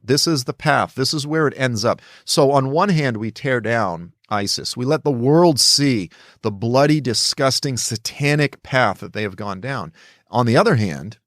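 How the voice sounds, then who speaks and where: A middle-aged man from the United States speaks with a preacher's emphasis, driving his points home and lifting his voice to act out what others say. His voice sits at a middling pitch for a man. The recording is dry and close, with no room sound. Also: no echo. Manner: emphatic, preachy, acts out quotes in a raised voice. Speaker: author and commentator. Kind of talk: impassioned political commentary.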